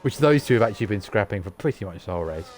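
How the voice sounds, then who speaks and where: Animated male sim-racing commentator from the UK. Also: fairly low pitch, very fast, a little hiss or hum. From United Kingdom. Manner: lively, chatty, reads out lap times. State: tired. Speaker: race commentator.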